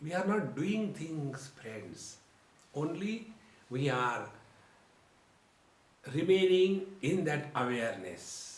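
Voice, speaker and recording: A man giving a slow, deliberate spiritual discourse as a teacher, addressing his listeners as friends. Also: a little high, big pitch swings. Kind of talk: religious discourse. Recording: roomy lecture hall.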